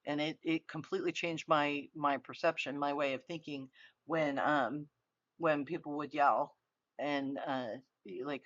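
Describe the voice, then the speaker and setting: A woman's voice: low voice, normal speed, a bit bright, no echo. A woman giving a university lecture in an earnest, conversational way, often restarting her phrases. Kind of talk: recorded online lecture. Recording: dry, dull lo-fi recording.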